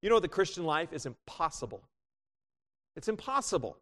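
Emphatic pastor preaching in a reverberant church. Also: male voice, fairly high pitch, very animated, normal speed, long pauses. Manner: emphatic, swinging between loud exclamations and quiet asides; reads scripture in older biblical wording. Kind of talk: sermon. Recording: long hall reverb.

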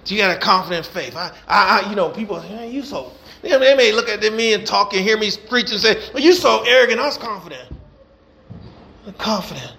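A high-pitched male pastor preaching, his voice gravelly and rough. He drives his points home through repetition and emphatic call-outs to the congregation. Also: lively intonation, brisk, sharp tone. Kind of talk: sermon.

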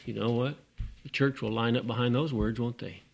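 A man's voice: mid-range voice, fairly even intonation, moderate pace, gravelly, a little mellow, a little hiss or hum. A man preaching a folksy, emphatic sermon, with sudden rising bursts.

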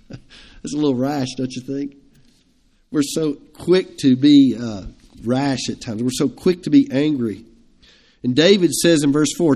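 Earnest man preaching, slightly high voice. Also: fairly even intonation, normal speed, mellow. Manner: conversational preaching, emphatic and searching; chuckles between points, asks the congregation questions. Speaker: pastor. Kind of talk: evening sermon.

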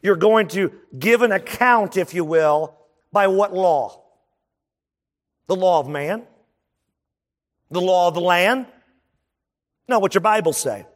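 A man's voice: high voice, lively intonation, slow, long pauses, big-room sound. A man preaching a sermon as a pastor, in a conversational style, often asking the congregation questions.

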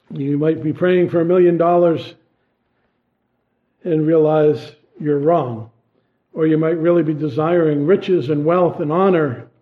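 A man preaching a sermon in an earnest way, asking pointed questions and then dropping his voice low. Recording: tinny phone-like sound.

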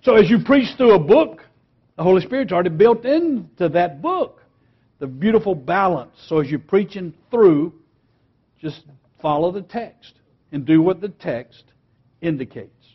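A man teaching a lesson on preaching, emphatic and earnest, slowing down and dropping quiet on key words. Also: high voice, sing-song, husky, highs cut off. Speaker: preaching instructor.

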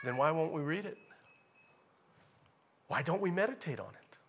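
A man preaching a sermon in a casual, animated way, repeating key phrases and rising to loud emphatic bursts. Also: fairly high pitch, normal speed, breathy edge. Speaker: pastor.

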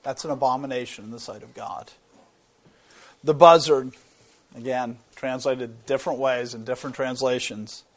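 A man's voice: mid-range voice, steady tone, normal speed. Earnest man teaching a Bible sermon. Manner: earnest, explanatory, repeats words while thinking. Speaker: preacher.

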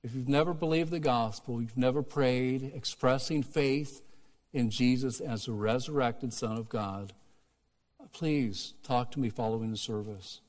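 Earnest pastor preaching in a reverberant hall. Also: male voice, medium pitch, measured pace. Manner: earnest, swings from emphatic to hushed. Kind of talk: sermon with altar call. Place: church sanctuary.

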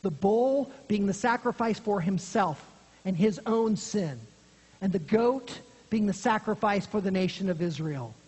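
A preacher giving an earnest expository sermon, dropping low and quiet for emphasis, recorded in a church sanctuary. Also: expressive, unhurried, slightly rough. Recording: long hall reverb.

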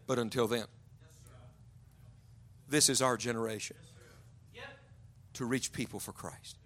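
A man preaching a sermon to young adults, telling stories and often dropping to a hushed, low voice for emphasis. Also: steady tone, unhurried, long pauses. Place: large church auditorium.

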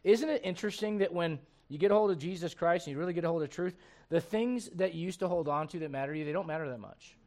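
A male pastor preaching a conversational sermon, halting and restarting at times and slipping in humorous asides. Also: a little high, darkish tone.

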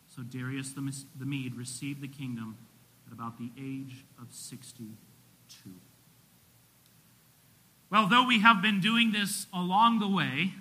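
A pastor delivers a sermon in a very bright, ringing voice that sits somewhat high for a man. He preaches earnestly, pushing louder on key points and sinking low and soft on solemn ones. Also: rough recording. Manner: earnest preaching, rising loud for emphasis and dropping low.

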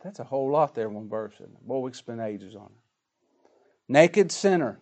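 Folksy preacher with swings in volume. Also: male voice, medium pitch. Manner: folksy, dramatic, swings from quiet to loud. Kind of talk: sermon.

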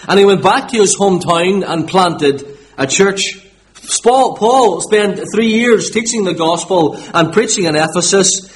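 A man's voice: high-pitched, slight background noise. A man from Northern Ireland with a Northern Irish accent, preaching a sermon and repeating his key words for emphasis.

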